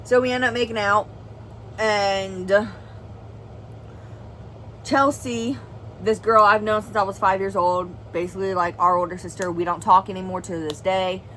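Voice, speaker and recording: A woman's voice: medium pitch, fairly even intonation, unhurried, long pauses, fairly bright tone, a little hiss or hum, rough recording. A young woman vlogger telling a serious personal story in an earnest, rambling way, full of "like" and "well". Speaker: family vlogger.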